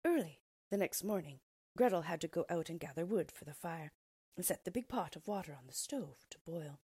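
A woman reading a fairy tale aloud in an expressive storyteller's way. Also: fairly low pitch, fairly quick, breathy edge, dry recording, studio quality.

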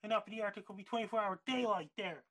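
A man's voice: sits high, racing, sharp tone. A man from Nova Scotia, upbeat and repetitive, rattling off long lists of places and names in a greeting roll call. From Nova Scotia, Canada. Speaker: guest with his own video channel. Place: outdoors on a street.

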